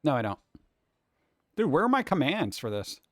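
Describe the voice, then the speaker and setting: A livestreaming artist with a fairly high voice that swoops wildly in pitch chats casually at a moderate pace, rambling to his viewers as he works. He talks chat through each hands-on step. The audio is clean studio sound with no echo.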